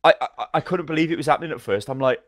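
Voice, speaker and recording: A man co-hosting a podcast, telling game stories in a fast, animated, swearing manner. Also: a little high, noisy background. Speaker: podcast co-host. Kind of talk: casual gaming chat.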